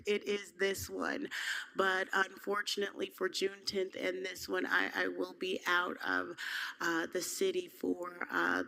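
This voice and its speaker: A woman's voice: lowish voice, vocal fry, bright, forceful tone, low-quality recording. A woman mayor chairing a city commission meeting, calling speakers and moving through the agenda in formal procedural phrasing.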